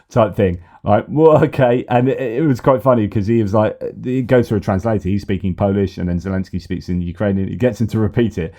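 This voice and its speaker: A man talks through the day's news in a casual vlog, his voice fairly low and warm. He sounds wry and opinionated, working through his thoughts aloud as he goes. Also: brisk, few pauses. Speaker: news commentator and channel host.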